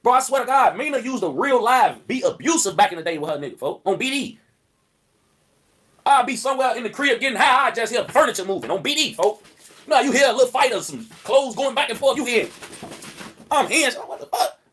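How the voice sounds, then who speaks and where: A young man who tells stories and jokes on a live stream, animated and profane, saying "folks" constantly. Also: very high-pitched, fairly quick, breathy edge. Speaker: livestreamer. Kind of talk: storytelling and joking on a live stream.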